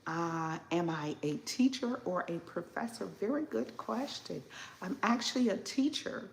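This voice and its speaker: Slow, gravelly woman chatting on a live stream. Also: medium pitch, animated, roomy sound, slight background noise. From southern Illinois, Midwest. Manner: unhurried, chatty, answers viewers with frequent fillers. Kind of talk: casual live-stream chat reading viewer comments. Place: home kitchen.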